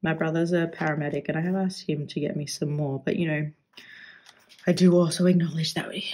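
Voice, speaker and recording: A woman's voice: deep voice, fairly even intonation, fairly quick, a little mellow. An Australian woman chatting casually as she swatches fountain pen ink, musing aloud and trailing off into restarts as she searches for words.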